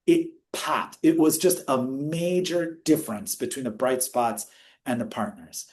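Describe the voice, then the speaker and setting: A man presenting research findings in a webinar discussion, energetic and explanatory, rushing through quoted questions. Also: medium pitch. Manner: energetic, speeds up when quoting questions; teaching, explanatory.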